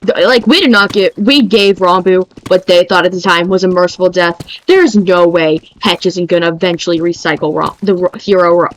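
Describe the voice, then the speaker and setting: A young woman streamer chatting casually in an excitable, rambling way. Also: on the low side, moderate pace, a little hiss or hum, poor audio.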